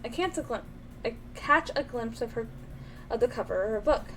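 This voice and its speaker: High-voiced animated woman streamer. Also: moderate pace, slight background noise, rough recording. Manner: animated, swings between reading aloud and cooing at a baby. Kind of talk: casual game streaming with read-aloud narration.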